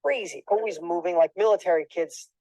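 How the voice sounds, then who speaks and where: A man's voice: on the high side, quick pace, warm tone, no echo, low-quality recording. A middle-aged man as an interview guest, telling a personal story earnestly, restarting and repeating phrases as he goes.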